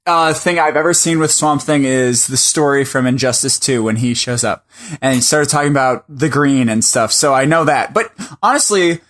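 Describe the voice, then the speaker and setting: A man's voice: medium pitch, moderate pace, fairly bright tone. A man co-hosting a comics podcast, chatting casually in an earnest, defensive way. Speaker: podcast co-host. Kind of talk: casual chat.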